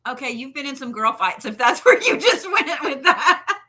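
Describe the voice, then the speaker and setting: A woman guest chatting casually, telling animated stories, laughing often and swearing now and then. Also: high voice, moderate pace. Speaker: interview guest, pro wrestler. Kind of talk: casual storytelling chat.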